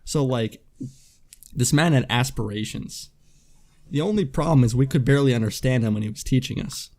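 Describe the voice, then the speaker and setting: Young guy on a podcast, crude, tells stories, medium pitch. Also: normal speed, darkish tone. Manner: crude, storytelling. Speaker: podcast host. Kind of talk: casual chat.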